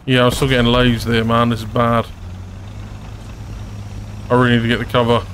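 A man giving chatty, excitable commentary over his own gameplay as a regular gaming creator, often laughing. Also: medium pitch, normal speed, slight background noise. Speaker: gaming YouTuber.

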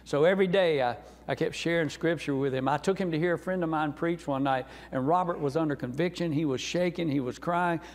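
Sex: man. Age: 60s. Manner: folksy sermon testimony, gravelly, church hall echo. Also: fairly high pitch, a little fast, few pauses. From North Carolina. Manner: folksy, earnest, warm storyteller. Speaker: guest preacher. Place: church sanctuary. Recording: reverberant church sanctuary.

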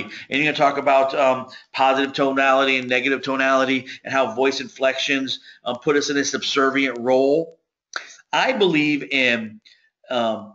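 A man giving a sales coaching lecture, talking very fast so his words sometimes run together. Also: medium pitch, sharp tone. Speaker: sales trainer. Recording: dull lo-fi recording.

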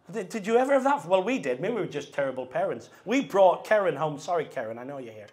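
A middle-aged man preaching a sermon at a conference, earnest, moving between hushed and emphatic delivery. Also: a little high, sing-song, fairly quick, few pauses. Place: conference hall.

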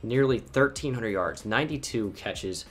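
A young man giving casual, chatty commentary while playing a football video game, reacting with quick bursts of swearing. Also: mid-range voice, expressive, a bit bright, faint music behind. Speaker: gaming YouTuber.

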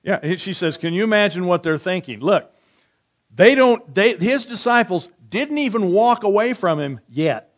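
A man preaches in a church, his voice sitting a little high for a man. He reads scripture slowly and quietly. Between readings he turns chatty, asking his congregation questions and answering back. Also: animated. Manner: conversational, asks the room questions and answers back. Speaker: pastor.

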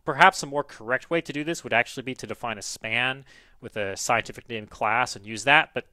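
A man's voice: medium pitch, brisk, bright, forceful tone, no echo. A man giving a methodical, step-by-step technical explanation over a screen share, walking through examples. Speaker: programming educator.

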